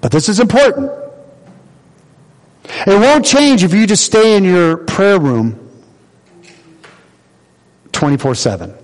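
A man preaching in a church, with a high voice that swings widely from line to line. His sermon acts out the voices of God and of his listeners, and he drives short phrases home by repeating them. The sound carries a long hall reverb. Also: very animated, slow, long pauses. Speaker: pastor. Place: church sanctuary.

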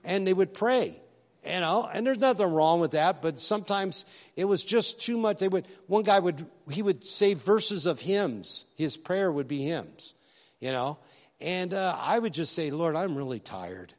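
A man preaches in a loose, chatty style, telling stories and tossing asides to the congregation. His voice sits a little high. The sound carries the long reverb of a large church hall. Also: lively intonation, a little slow. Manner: conversational storytelling preaching with asides. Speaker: pastor. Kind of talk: sermon.

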